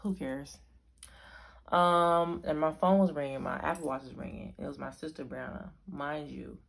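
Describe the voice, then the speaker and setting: Young woman, casual vlog storytelling, husky low voice, rambling and self-correcting. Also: steady tone, normal speed. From Arizona. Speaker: vlogger.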